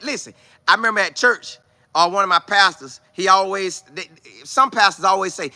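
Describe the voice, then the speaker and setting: A man vlogging outdoors with no studio, talking sports in an excitable, repetitive way full of preacher-like exclamations. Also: high-pitched, a little fast. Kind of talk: casual hyped-up monologue to camera.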